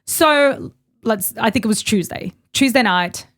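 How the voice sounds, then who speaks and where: A woman's voice: a little high, expressive, a little slow, a bit bright. A woman from Yugoslavia in her thirties, co-hosting a podcast in a candid, rambling, casual chat and swearing freely. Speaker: podcast co-host.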